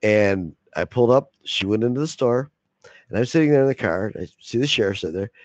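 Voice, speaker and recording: A man's voice: lowish voice, expressive, brisk, a little mellow, no room sound, lo-fi sound. A man telling a long profane story in a casual way, laughing often and acting out the other voices. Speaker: video blogger.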